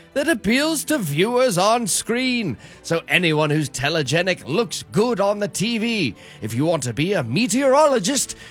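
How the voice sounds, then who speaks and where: A man's voice: high voice, fairly bright tone, breathy edge, full character voice. A radio co-host playing a pompous male professor who lectures theatrically in a morning-show comedy bit. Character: pompous male professor moonlighting as a burger courier.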